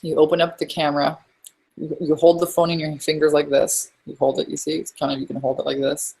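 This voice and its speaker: Low, husky-voiced woman coaching energetically. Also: fairly quick. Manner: energetic, rambling, emphatic. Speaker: webinar host and business coach. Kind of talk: live webinar teaching. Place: home.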